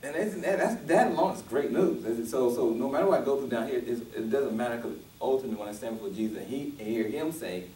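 A man's voice: mid-range voice, quick pace, hardly any pauses, dark tone, echoey room, recorded from a distance, a little hiss or hum, rough recording. A male pastor preaching a sermon, restarting often and building to emphatic, rising peaks.

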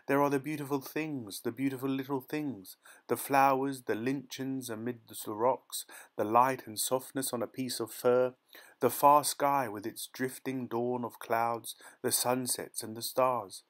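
A man's voice: medium pitch, fairly even intonation, a little slow, voice pushed up, close to an everyday voice. A man voicing a passionate young lover in a storybook reading, earnest and pleading. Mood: tender pleading. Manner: earnest, pleading, rising to emphasis.

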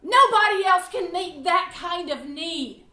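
Lady teaching a church bible class, very high voice, impassioned, echoey room. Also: lively intonation, unhurried, bright, forceful tone, distant mic. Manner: impassioned, piles up clauses with "and"; tells personal testimony with feeling. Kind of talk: Bible class lesson with audience questions.

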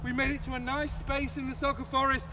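A man coaching young children through a playful movement game, animated and full of sound effects. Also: very high-pitched, fast, background noise. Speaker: kids' soccer coach.

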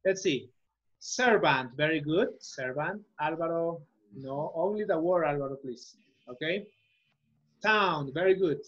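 A man's voice: on the high side, unhurried, lo-fi sound. A Spanish-speaking man teaching English online, giving patient, repetitive instructions through a computer mic on a video call.

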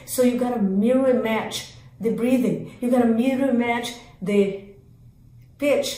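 A woman coaching real estate agents in an energetic sales training talk, speaking in emphatic, repetitive lists of commands. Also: fairly high pitch, echoey room, low-quality recording.

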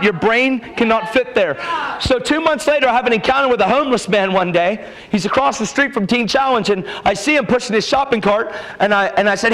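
A man preaching a testimony sermon at a church revival, telling his story with emphatic, animated delivery and quoted dialogue. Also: very high-pitched, low-quality recording.

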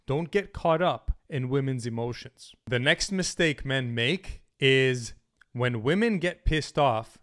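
A man giving dating advice straight to camera, blunt and emphatic, swearing freely. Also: medium pitch. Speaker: dating coach. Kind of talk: direct-to-camera advice monologue.

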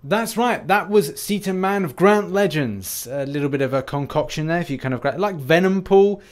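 A man's voice: fairly high pitch, lively intonation, normal speed. A British man talking casually over game footage as a YouTuber, rambling and jokey, making fun of himself. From United Kingdom. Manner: rambling, self-deprecating, jokey. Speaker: gaming YouTuber.

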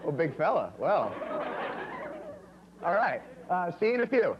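A man's voice: high-pitched, wildly swooping pitch, a little slow, a loud crowd. A man hosting a comedy show, playing a wisecracking, over-the-top tourist in a sketch. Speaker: comedy talk show host. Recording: dull lo-fi TV audio with music and audience.

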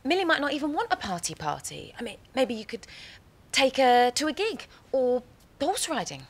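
Brief: a relaxed mum, fairly high and lively. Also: female voice, normal speed, heavily acted. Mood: easygoing. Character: laid-back mum with teen-style ideas.

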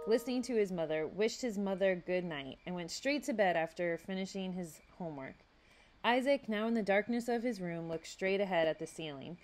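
A woman librarian reading a story aloud in a steady, even way. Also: on the low side. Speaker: youth services librarian.

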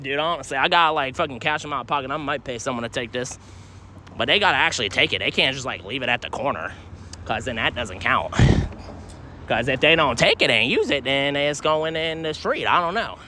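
A young man streaming live from a city street, his voice high and piercingly bright. He rambles and swears nonstop, calling out to strangers. Faint traffic hums behind him. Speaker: livestreamer.

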